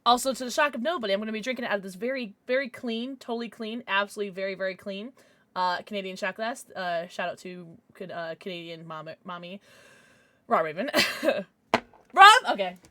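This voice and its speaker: Een jonge vrouw die als streamer luchtig en giechelend met haar chat praat, met een heldere, levendige stem en een droge opname zonder galm. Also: female voice, medium pitch, lively intonation, fairly quick, sharp tone, no room sound. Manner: chatty and giggly, reacting to chat. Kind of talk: casual livestream chat. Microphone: desk microphone.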